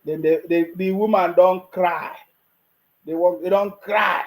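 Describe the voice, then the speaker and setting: A man's voice: high-pitched, steady tone, measured pace, low-quality recording. A Nigerian man giving mocking political commentary, laughing often and repeating his taunts.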